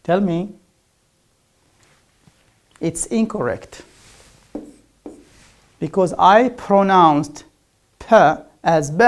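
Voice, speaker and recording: An English teacher whose first language is Arabic gives a recorded distance-learning lecture, drilling pronunciation by repeating each word several times with loud emphasis. The voice is medium-pitched, gravelly and creaky, slow, with lively intonation.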